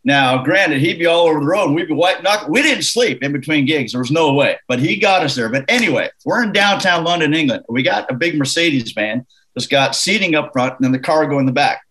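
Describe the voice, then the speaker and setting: A man from Canada, a musician guest in a casual interview, telling an anecdote in a lively, laughing way. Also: fairly high pitch, brisk, rough recording. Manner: animated, laughing anecdote teller.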